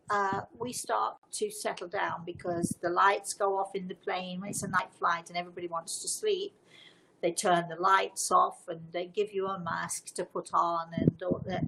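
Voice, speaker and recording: A woman spinning a personal story in a chatty, rambling way, breaking off for asides to her listeners. Her voice sits fairly low, with a gravelly rasp, over a faint hiss. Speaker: storyteller and medium. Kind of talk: casual storytelling livestream.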